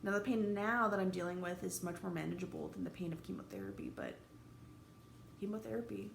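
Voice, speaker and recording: Woman, 30s, vlogger, gravelly, raw, halting, roomy room echo with faint background noise. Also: lowish voice, expressive. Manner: halting, candid, swears freely, emotionally raw. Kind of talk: personal vlog monologue.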